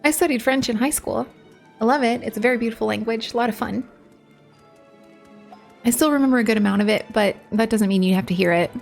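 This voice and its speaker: A woman's voice: fairly high pitch, fast, vocal fry, long pauses, faint music behind. A young woman hosting a let's play, chatting casually and thinking aloud while she plays. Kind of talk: casual gameplay commentary.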